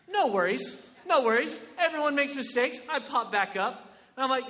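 A male comedian telling a stand-up story in an animated, exclamatory way, often asking "right?". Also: very high voice, moderate pace, in a large hall.

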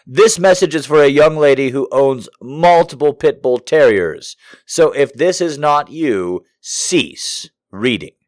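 A man as comedic host, rambling in a deadpan, self-mocking way and reading letters aloud. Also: a little high, unhurried, no echo, clean studio sound.

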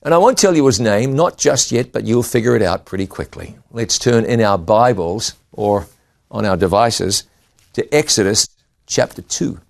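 A man preaching a sermon, reading scripture aloud and retelling it with lively rises and drops in pitch and volume. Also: normal speed, gravelly. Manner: expressive Bible reading with shifting pitch and volume.

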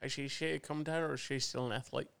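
A man's voice: mid-range voice, steady tone, very fast, vocal fry, fairly bright tone. A man co-hosting a casual sports chat, listing his favourites with enthusiasm and swearing back at his mate. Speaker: co-host.

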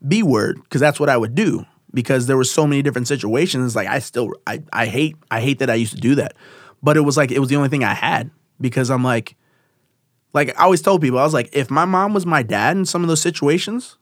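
A man's voice: medium pitch, fast, no echo, studio quality. A man telling a personal story in casual conversation, rambling with many fillers and restarts.

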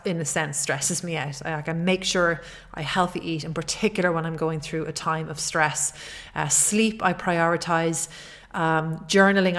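A woman's voice: low voice, fairly bright tone. A middle-aged woman hosting a solo podcast as a fitness coach, talking in an earnest, encouraging way and often repeating her key points.

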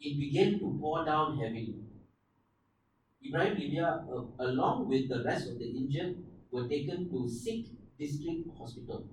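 A Malaysian man co-hosts a casual podcast and retells history in an animated, joking way. His voice sits a little high, and it comes across roomy and off-mic, as in a live recording with faint background noise. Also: moderate pace, distant mic. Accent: Malaysian English. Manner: animated storyteller, slips into silly voices. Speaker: podcast co-host.

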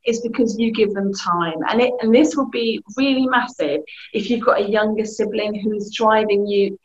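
A woman with a British accent, giving lively, animated advice as a guest in a conversation, often laughing. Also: mid-range voice, moderate pace. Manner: animated, laughing, acting out family voices. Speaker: youth work guest. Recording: muffled lo-fi audio.

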